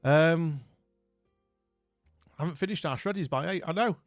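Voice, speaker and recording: A British live streamer with a slightly high voice talks at a moderate pace, chatting loosely with viewers. His talk meanders and often dissolves into mumbles. Faint music sits under a dry, close recording with no room sound.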